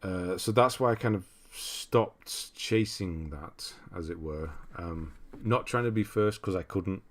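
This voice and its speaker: A man with a deep, low-pitched voice hosts a casual livestream. He rambles easily, reads viewer comments aloud and answers them as he goes. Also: measured pace, hardly any pauses. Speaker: livestream host.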